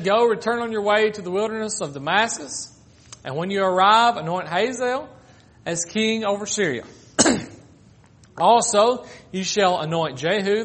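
Man, preacher, sermon, high-pitched voice, loud-to-hushed delivery, casual asides. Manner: swings from loud pleading to hushed, drawn-out phrases.

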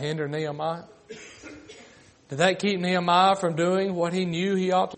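A man's voice: high voice, little pitch movement, normal speed, pauses often. A man preaching a sermon, acting out the mocking voices of critics.

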